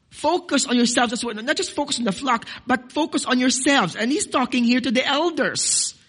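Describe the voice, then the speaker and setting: A man's voice: extremely high pitch, animated, normal speed, hardly any pauses, fairly bright tone, breathy edge. Man preaching a sermon, emphatic. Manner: preaching with scripture references and repeated words, varying emphasis; addresses congregation as "dearly beloved". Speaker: pastor.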